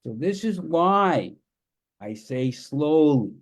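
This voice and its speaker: A man giving a live presentation to an audience, telling stories with enthusiastic, animated energy. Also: fairly high pitch, slow.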